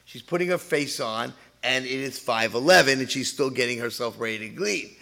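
A man's voice: mid-range voice, animated, normal speed, creaky, pushed and bright. An older man, a pastor, telling a humorous story in a sermon, chatty and full of asides. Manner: chatty, humorous, acts out voices.

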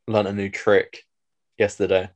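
A man's voice: fairly low pitch, flat delivery, measured pace, lo-fi sound. A young man, bantering playfully as a podcast co-host. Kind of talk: casual chat.

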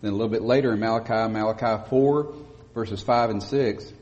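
A man preaching a sermon as pastor, speaking emphatically and rising to loud stresses on key words. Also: on the low side, fairly quick. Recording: dull lo-fi audio with long church reverb.

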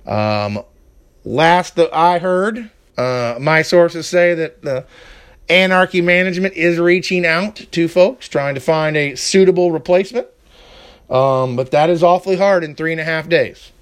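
A man's voice: on the high side, a little slow, smooth. A man hosting a casual wrestling preview podcast, rambling with fillers and turning to a heated rant. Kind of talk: casual chat.

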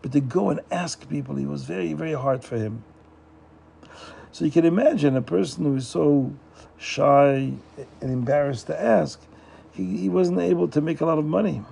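A man tells an old folk tale in a plain, repetitive way, circling back over phrases for emphasis. His voice is strongly gravelly and husky, with a dark tone. It sits a little high for a man. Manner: plain, repetitive storytelling with restarts. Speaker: storyteller. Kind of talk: storytelling narration.

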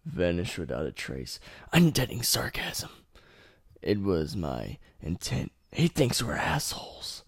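Sinister twin inmates, whispered low and slow and menacing, played by a man. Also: wildly swooping pitch, vocal fry, husky, no echo, clean studio sound, heavily acted. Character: pair of creepy murderous male twin inmates. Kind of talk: game retelling podcast.

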